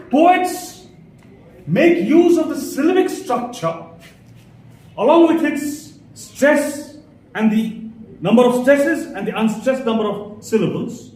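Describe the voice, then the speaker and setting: A man's voice: very high voice, darkish tone. Man lecturing in an echoey classroom. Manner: explanatory, checks in with "okay?". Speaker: teacher. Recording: echoey room, distant mic.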